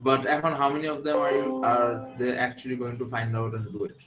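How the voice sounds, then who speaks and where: A university lecturer with a Bangladeshi accent teaches a class at a racing pace, his medium-pitched voice fairly even in intonation. He switches between English and Bengali and often checks that students follow. The low-quality recording has an echoey room and music underneath.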